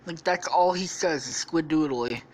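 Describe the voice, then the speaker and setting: A man's voice: mid-range voice, a little slow, a bit bright. A man hosting a podcast, rambling through an improvised comedy story with lots of swearing and laughter. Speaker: podcast host.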